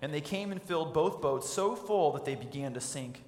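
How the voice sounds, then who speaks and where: A man's voice: on the high side, animated, normal speed, darkish tone. A man preaching a sermon as pastor, telling a scene vividly for his listeners. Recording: echoey hall with long reverb.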